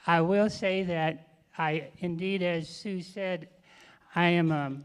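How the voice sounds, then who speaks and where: A man's voice: high-pitched, steady tone, slow pace, clean tone. An older man from western Colorado, a farmer speaking at a conference in a folksy, self-deprecating way with restarts. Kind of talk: folksy public talk with a joke. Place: conference hall.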